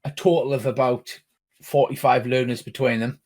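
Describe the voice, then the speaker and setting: A man acting as game master, explaining rules and the scene in a measured, patient way. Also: medium pitch, flat delivery, a little mellow, slightly rough. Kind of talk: running a tabletop game over a call.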